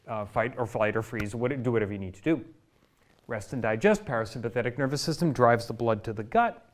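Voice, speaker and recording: A male chiropractor talks through a health lesson from his office. His delivery is relaxed and conversational, with examples and frequent check-ins like "right?" and "okay?". His voice sits at an ordinary middle pitch for a man. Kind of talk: educational health talk to camera.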